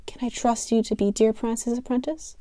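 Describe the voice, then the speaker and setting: A woman voicing a calm female fox pack leader in a storybook reading, measured and solemn. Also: fairly high pitch, no echo, studio quality, lightly acted.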